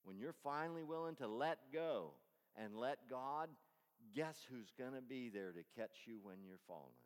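Guy preaching a sermon in a big echoey church, gets loud then drops real quiet. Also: mid-range voice, lively intonation, measured pace, smooth. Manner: dramatic swings from loud preaching to soft whispers. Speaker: pastor. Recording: long reverb of a large hall.

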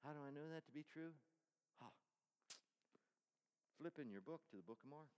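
A male pastor preaching a sermon, swinging from loud, emphatic calls down to soft near-whispers. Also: on the high side, lively intonation, normal speed, a little hiss or hum. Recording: long reverb of a large hall.

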